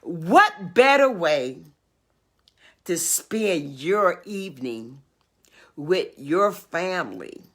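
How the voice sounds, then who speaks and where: An older woman hosting a casual livestream, making emphatic, drawn-out announcements and urging viewers to come along. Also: low voice. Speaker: livestream host.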